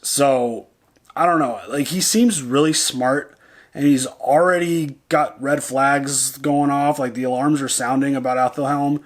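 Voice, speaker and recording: A man's voice: mid-range voice, fairly even intonation, a little slow. A man co-hosting a reaction video, chatting casually, loose and profane, thinking aloud and restarting his sentences. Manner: loose and profane, heavy on "like" and "dude".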